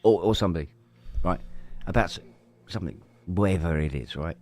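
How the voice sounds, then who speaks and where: A man's voice: low-pitched, a little fast, a little mellow. A man telling stories in casual podcast conversation, acting out his own anecdotes. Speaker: podcast co-host.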